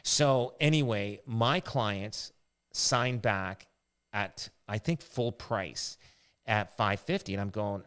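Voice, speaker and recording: Guy on a podcast, lowish voice, rambling real estate stories, lots of restarts. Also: unhurried, fairly bright tone. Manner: rambling anecdotal storytelling. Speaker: realtor and podcast host. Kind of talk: casual podcast chat.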